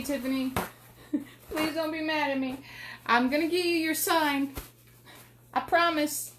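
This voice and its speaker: A woman, chatting excitedly with viewers while demonstrating a craft project. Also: on the high side, slight background noise. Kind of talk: casual live craft demo chat.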